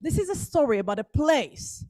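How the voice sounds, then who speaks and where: Higher-voiced woman telling a story. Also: very animated, normal speed, dark tone, no room sound. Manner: engaged, asks the audience questions. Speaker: guest speaker. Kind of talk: storytelling talk to an audience.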